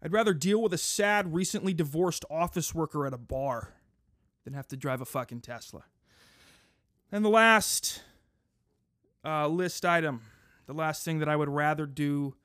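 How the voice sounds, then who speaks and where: A podcast host doing a crude, profane comedic monologue, ranting in a mock-pompous way. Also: male voice, fairly high pitch, moderate pace, fairly bright tone, dry recording, studio quality.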